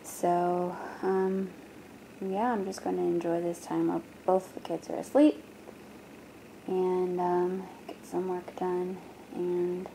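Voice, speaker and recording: Soft-spoken woman, slow chatty vlog. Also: lowish voice, monotone, gravelly, slight background noise. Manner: soft, gentle, chatty, speaking as a mom. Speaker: doll roleplay vlogger. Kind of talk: casual narrated roleplay vlog. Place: at home indoors.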